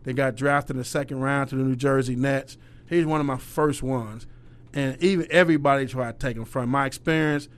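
A middle-aged coach of youth basketball talks briskly at a medium pitch, telling stories casually. He's lively and profane, putting on voices for the people he quotes.

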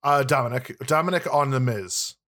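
A man's voice: mid-range voice, normal speed, fairly bright tone. A man co-hosting a wrestling podcast in casual chat, easygoing and agreeable, often restarting his sentences.

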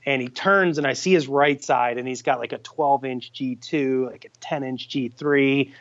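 A man casually telling a hunting story on a podcast, animated and swearing freely as he acts out his friends' lines. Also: mid-range voice, moderate pace, dull audio. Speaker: guest hunter telling a story.

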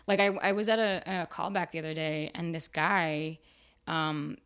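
A woman's voice: normal speed, smooth. A woman actor chatting in an interview, telling stories animatedly and using many "like" fillers. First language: bilingual in Spanish. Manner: animated storyteller, acts out quoted exchanges with big pitch jumps; filler-heavy, lots of "like". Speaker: actor guest. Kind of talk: casual interview chat.

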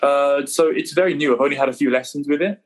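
Young English man, relaxed and hesitant. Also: on the high side, fast talker, rough recording. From England. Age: 20s. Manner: relaxed, hesitant, repeats words. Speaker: guest, conservatoire pianist. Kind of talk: casual interview chat.

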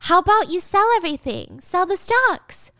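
Lady doing a girl acting clueless, light high voice, asking dumb questions. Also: sing-song, moderate pace, bright, forceful tone, dry recording, studio quality, heavily acted. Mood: mock innocent. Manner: feigned naive questioning. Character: young woman playing dumb, mock-innocent.

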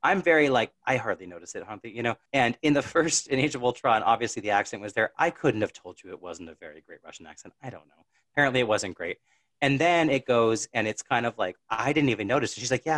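A man's voice: mid-range voice, a bit bright, dry recording. A man co-hosting a podcast, chatting casually and rambling with frequent laughs. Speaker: podcast co-host. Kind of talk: casual chat.

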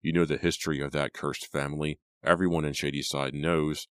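A man voicing a stern, angry middle-aged father who speaks slowly through clenched teeth. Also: rumbling low, little pitch movement, clear, resonant tone, no echo. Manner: slow, clenched, menacing.

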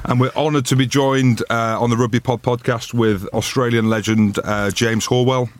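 A man's voice: medium pitch, level tone, moderate pace, no echo. A man with a broad Glaswegian Scottish accent, co-hosting a sports podcast in casual, teasing banter. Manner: teasing, jokey. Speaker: podcast co-host.

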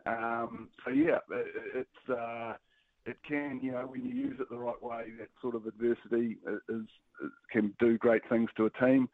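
A man's voice: medium pitch, expressive, moderate pace, no echo. A man, a guest calling in, talking casually with hesitant restarts and fillers. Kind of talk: casual phone-in chat. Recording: phone line.

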